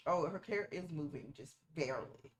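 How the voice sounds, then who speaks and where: A woman's voice: low voice, lively intonation, moderate pace. A woman streamer giving casual reaction commentary while watching a movie, playful and teasing and picking at small details.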